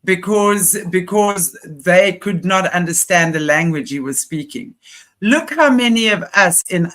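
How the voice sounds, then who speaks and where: A woman's voice: lowish voice, fairly bright tone. A woman co-hosting a spiritual talk show, rambling loosely and often trailing off to restart a word. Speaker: co-host. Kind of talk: casual spiritual discussion.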